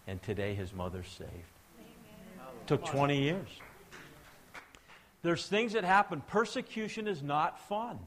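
A man's voice: fairly high pitch, lively intonation, measured pace, long pauses. A man preaching a sermon to young people and adults, talking to them directly and asking them to answer back. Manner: swings between soft and loud, rising to emphatic exhortations.

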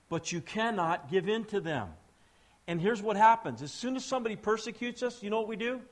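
A male preacher in full flow, swinging from quiet, low passages to loud, high-pitched appeals. He speaks straight to the young people and adults in the room and draws answers from them. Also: animated, brisk. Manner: swings between soft and loud, rising to emphatic exhortations; addresses young people and adults directly, with call and response. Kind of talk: sermon.

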